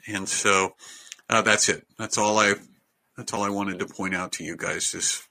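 A man's voice: lowish voice, steady tone, moderate pace, vocal fry, sharp tone. A man hosting a casual video-call chat, talking in a hesitant, chatty way and laughing often. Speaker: host.

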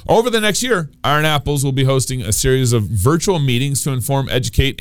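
A man's voice: medium pitch, no echo. A man hosting a comedy podcast, rambling playfully and poking fun at himself. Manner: playful, rambling, self-mocking. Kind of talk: joking commentary.

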